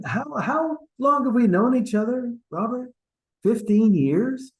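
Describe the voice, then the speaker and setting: A man's voice: very high-pitched, lively intonation, slow pace, heavily acted, poor audio. A man playing a flustered cheating husband. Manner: sheepish and stammering, pressing his friend. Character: flustered middle-aged husband hiding an affair. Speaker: acting student. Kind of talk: online stage scene acting. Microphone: video call.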